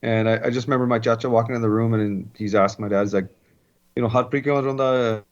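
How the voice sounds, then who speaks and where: A man's voice: on the low side, little pitch movement, rapid-fire, dull audio. A man, a hockey analyst speaking as a podcast guest in an easygoing, conversational way. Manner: easygoing, repeats words. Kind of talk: casual conversation.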